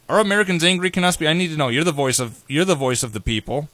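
A man hosting a talk radio show, brash and sarcastic in quick banter with his co-host. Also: on the high side, pushed and bright, no echo. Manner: brash, sarcastic, rapid-fire. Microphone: studio microphone.

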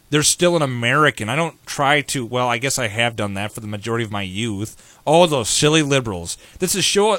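A man hosting a talk radio show, brash and sarcastic in quick banter with his co-host. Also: medium pitch, sharp tone, dry recording. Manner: brash, sarcastic, rapid-fire. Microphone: studio microphone.

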